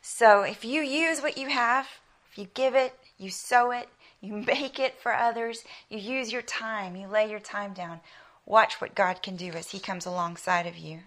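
A woman preaching a conversational sermon. She tells stories with animation, laughs lightly as she talks, and drops to a soft whisper for emphasis. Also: medium pitch, normal speed. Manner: laughs lightly while speaking. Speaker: women's Bible teacher.

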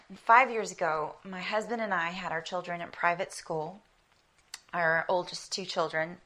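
A woman preaching a conversational sermon. She tells stories with animation, laughs lightly as she talks, and drops to a soft whisper for emphasis. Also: fairly low pitch. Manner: laughs lightly while speaking. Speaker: women's Bible teacher.

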